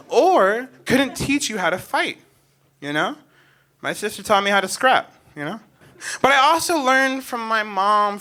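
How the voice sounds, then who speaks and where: A young man from Omaha performs a stand-up set with a bright, forward voice. His pitch moves a great deal, and he takes his time between quiet asides and loud punchlines. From North Omaha, Nebraska, USA. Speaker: stand-up comedian.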